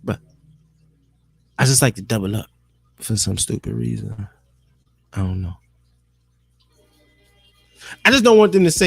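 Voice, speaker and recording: Male streamer, gravelly voice, loose profane chat, dry close sound. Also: mid-range voice, lively intonation, moderate pace, long pauses, no room sound, faint music behind. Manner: loose, profane, talks to himself and viewers. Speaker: live streamer. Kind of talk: casual rambling monologue.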